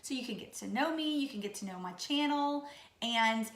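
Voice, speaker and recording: A woman in her late thirties from Louisiana, with a Louisiana accent, who sounds raspy and sick, chatting casually and goofily to camera about herself. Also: on the high side, expressive, normal speed, fairly bright tone, echoey room. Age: 30s. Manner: goofy, chatty. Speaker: vlogger. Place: room at home.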